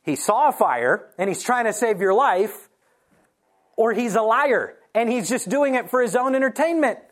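Animated preacher dramatizing scripture stories. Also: mid-range voice. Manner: animated storytelling, acting out quoted lines; slows down to stress key points. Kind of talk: sermon. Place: church morning service.

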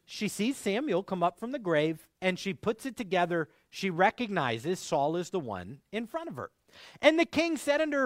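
A man delivers a sermon, his voice pitched high and swinging widely as he retells and quotes scripture. The sound is close and dry, with no room around it. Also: moderate pace, no echo. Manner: expressive preaching, quotes scripture in old English. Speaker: pastor.

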